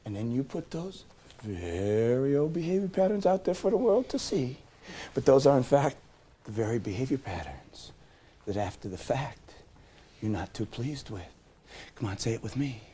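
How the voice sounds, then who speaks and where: Animated man leading a lively seminar. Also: mid-range voice, moderate pace, slightly rough. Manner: animated, joking, coaxing call-and-response with audience. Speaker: seminar presenter. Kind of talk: live self-help seminar talk.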